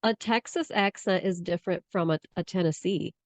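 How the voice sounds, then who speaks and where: A woman's voice: on the low side, normal speed, dry recording. A woman co-hosting a casual chat podcast from the United States, rambling and restarting her sentences. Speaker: podcast co-host.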